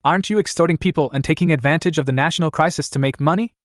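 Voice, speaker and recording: A man's voice: a little high, rapid-fire, no echo, clean studio sound, pitched above the performer's own voice, natural voice. A man voicing a spiteful, bossy middle-aged woman nanny who scolds shrilly. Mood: indignant.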